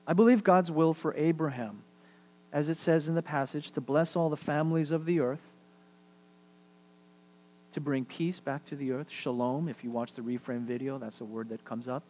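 A middle-aged man preaching a sermon as pastor, animated, swinging between loud emphasis and quiet asides and repeating phrases for emphasis. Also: fairly high pitch, moderate pace.

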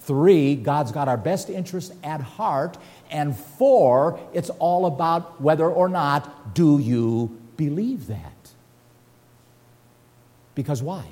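Older male preacher, mellow tone, long hall reverb. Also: fairly high pitch, takes it slowly. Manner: animated, folksy storytelling with scripture reading. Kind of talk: sermon. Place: church hall at a lectern.

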